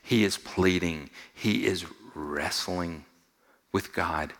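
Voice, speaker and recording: A pastor preaches slowly to his congregation, repeating phrases for emphasis and putting questions to the listeners. He swings between quiet, low asides and loud, high-pitched exhortation, and his words trail off in a long reverb.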